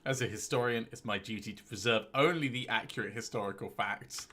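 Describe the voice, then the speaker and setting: A man's voice: lowish voice, fairly quick, bright, forceful tone. A man reading out a game's stern historian in a firm, declaiming way.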